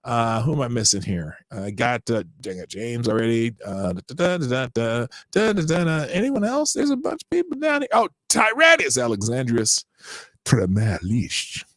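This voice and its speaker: A man's voice: medium pitch, moderate pace, dry recording. A man hosting a live stream, rambling casually and laughing as he greets viewers by name. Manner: animated, rambling, laughs often. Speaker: host of a live stream show.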